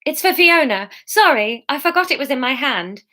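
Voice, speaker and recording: A woman's voice: high-pitched, expressive, normal speed, bright, forceful tone, voice pushed up. A woman voicing a clumsy, flustered young woman who works in a shop, sounding breathless and apologetic.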